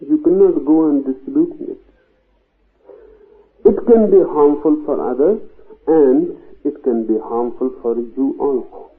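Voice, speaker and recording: A man giving a slow spiritual discourse as a teacher, deliberate with long pauses and emphatic rises on key words. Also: a little high. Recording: tinny phone-like old tape.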